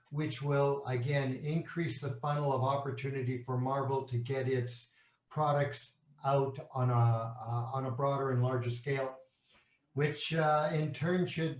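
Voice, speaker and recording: In a reverberant interview recording, a medium-pitched man from Canada, an executive, describes his company's products. He uses everyday comparisons and rhetorical questions, frequently starting over mid-sentence.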